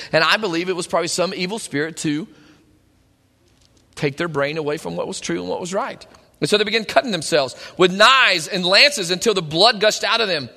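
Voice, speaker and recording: A man's voice: high voice, gravelly, bright, forceful tone, in a large hall. A man preaching a sermon, reading scripture and retelling it in casual modern speech.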